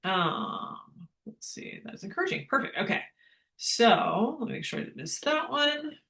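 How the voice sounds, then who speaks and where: A woman fitness coach talks her class through a question in a chatty, upbeat way, laughing now and then as she explains. Her voice is bright and forward. The sound carries a roomy echo. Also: fairly high pitch, big pitch swings, slow, gravelly. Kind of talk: live online fitness class with Q&A.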